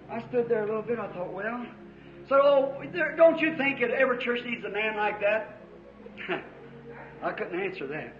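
A man preaching with fervor in an old-time revival style, telling folksy stories and building up to shouts, in a church hall. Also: very high-pitched, a little hiss or hum. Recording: dull, echoey 1950s sermon tape.

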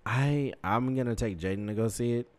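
A man's voice: medium pitch, normal speed, a little mellow. A man chatting casually on a podcast, laid-back and profane, with trailing fillers. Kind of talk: casual chat.

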